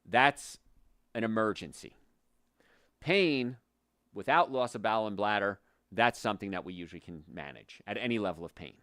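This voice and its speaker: A man with a low voice hosts a health talk show as a chiropractor, speaking with blunt, passionate conviction. He gets heated and then settles back into plain explanation. The recording is dry and close, with no room sound. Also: moderate pace, pauses often, no room sound. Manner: passionate, opinionated, gets worked up then calms down.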